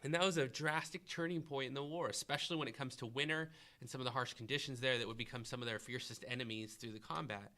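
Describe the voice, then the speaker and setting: Speaking fast with fairly even intonation, this man has a medium-pitched voice and a sharp tone. He's a history teacher running a review podcast, asking a student questions, encouraging replies, and thinking out loud.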